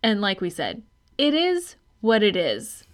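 A woman's voice: medium pitch, huge pitch swings, measured pace. Blunt, frank podcast co-host woman. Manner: frank and blunt, swears freely. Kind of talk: casual movie-review chat.

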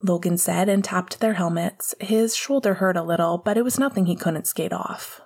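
Low husky woman reading a story. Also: normal speed, a little mellow. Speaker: audiobook reader. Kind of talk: reading fan fiction aloud.

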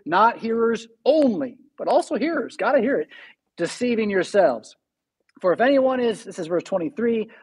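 A man, a pastor, preaching a conversational sermon and reading scripture slowly and with emphasis. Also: high voice, a little mellow, breathy edge.

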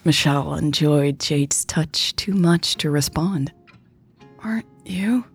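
A woman narrating an audiobook in a measured, even reading style. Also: deep voice, husky, soft background music.

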